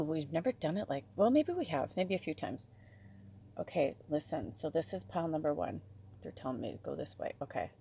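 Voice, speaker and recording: A woman giving an emotional spiritual card reading, speaking straight to her viewers with a gushing manner. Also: low-pitched. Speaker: tarot reader.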